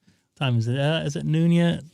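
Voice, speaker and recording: A man hosting a casual ham radio live stream from his home radio room, telling stories in an excited, rambling way. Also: on the high side, brisk, vocal fry, no room sound, clean studio sound.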